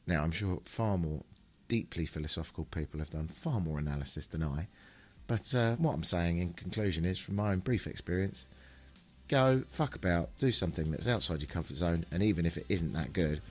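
English guy rambling on his travel podcast, lowish voice, swears a lot, faint music behind. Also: darkish tone, breathy edge. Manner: chatty and swearing, with big swings in pitch. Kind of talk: casual travel podcast monologue.

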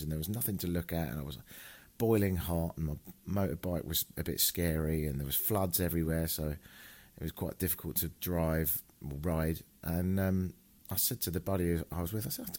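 A man from England hosting a travel podcast, talking casually and cheerfully swearing as he rambles. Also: warm tone. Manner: chatty and swearing, with big swings in pitch.

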